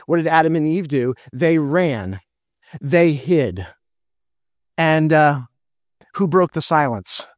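Brief: male pastor, high voice, earnest sermon delivery, dry close sound. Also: no room sound. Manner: earnest, asks rhetorical questions.

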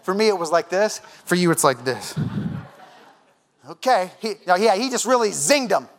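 A man's voice: high-pitched, lively intonation, moderate pace. A man preaching a sermon in a church, impassioned and conversational, acting out quoted voices and repeating himself as he presses his point. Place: church sanctuary.

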